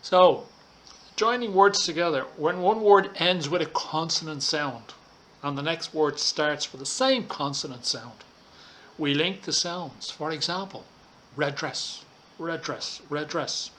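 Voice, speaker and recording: A man teaching an English lesson online, talking students through slides in a slow, deliberate way and checking in with frequent "okay"s. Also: a little high, a bit bright, a little hiss or hum. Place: Thailand.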